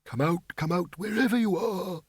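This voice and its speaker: Casting: high, thin ancient wizard, rambling and cheerily oblivious, put on by a male audiobook narrator. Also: animated, takes it slowly, no room sound, studio quality, heavily acted. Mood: forced cheer. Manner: rambling, quavering, forced cheer.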